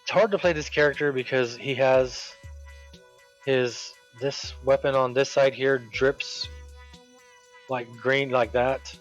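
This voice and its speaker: A man casually telling a workplace story while streaming a game, quoting people with animated voices. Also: mid-range voice, takes it slowly. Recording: dull lo-fi with game music.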